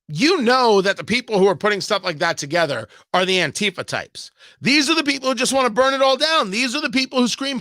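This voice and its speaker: A man's voice: very high voice, pushed and bright, no room sound. A man hosting a radio talk show, delivering an emphatic, sarcastic political monologue full of rhetorical questions and repetition, on a close studio microphone.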